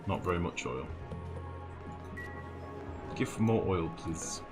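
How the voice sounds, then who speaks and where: A man's voice: low voice, animated, takes it slowly. A man giving casual gameplay commentary as a let's play host, thinking aloud, muttering numbers to himself and swearing now and then. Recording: game music playing underneath.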